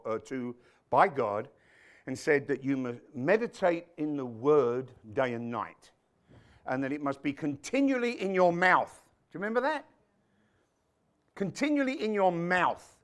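A pastor preaches a sermon in a slightly high voice that swoops widely up and down. Along the way he quotes scripture, mutters asides and trades jokes with the congregation.

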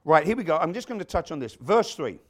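A man's voice: fairly high pitch, very animated, quick pace, a bit bright. A man preaching a sermon to his congregation, quoting scripture, dropping muttered asides and joking with the people in front of him. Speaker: pastor.

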